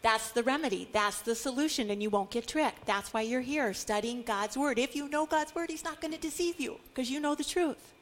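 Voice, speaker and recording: A woman's voice: high voice, brisk, few pauses. A middle-aged woman teaching a Bible study, earnest and building to emphatic declarations.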